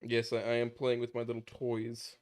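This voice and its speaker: A man's voice: mid-range voice, monotone, moderate pace. A man streaming a story game, chatting casually with profane jokes and stammering restarts while reading the game's text aloud.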